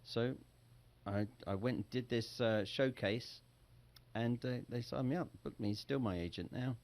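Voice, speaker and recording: A man's voice: medium pitch, moderate pace, darkish tone. A middle-aged Englishman, a tribute singer for a famous crooner, recounting his career in a rambling interview story that corrects itself as it goes. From England.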